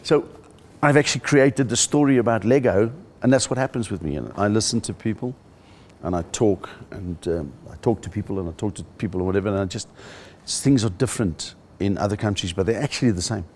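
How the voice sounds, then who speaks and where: A middle-aged South African man, a stand-up comedian, telling stories in an interview and jumping into high voices for the punchlines. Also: fairly quick, a little hiss or hum. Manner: animated storyteller, jumps into high-pitched voices for jokes. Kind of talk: interview with comic anecdotes.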